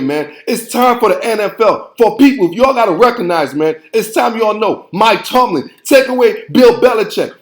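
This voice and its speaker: A man's voice: very high voice, roomy sound. A man hosting a football show, ranting in a heated, preachy way and repeating himself. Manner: fired-up, preachy, repeats phrases and says "man" constantly. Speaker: sports show host.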